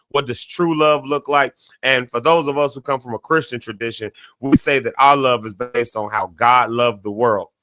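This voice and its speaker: A man hosting a morning show, telling a story in a casual, animated way, restarting his sentences often. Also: dry recording, studio quality. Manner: animated storyteller, many restarts, sudden jumps in pitch. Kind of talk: casual spoken reflection.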